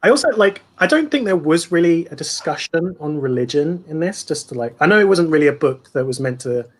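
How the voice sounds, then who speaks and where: A man's voice: on the high side, big pitch swings. A man co-hosting a casual livestream book club, hedging his critiques with many fillers. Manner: hedging, lots of "like", measured critique.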